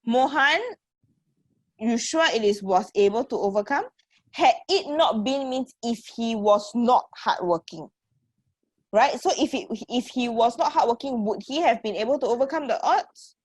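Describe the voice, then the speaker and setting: This woman's voice is fairly high and animated, moving at a moderate pace with no room sound. She has a Singaporean accent and teaches English online through a computer mic, encouraging students, calling them sweetheart, and repeatedly asking "okay" and "right?".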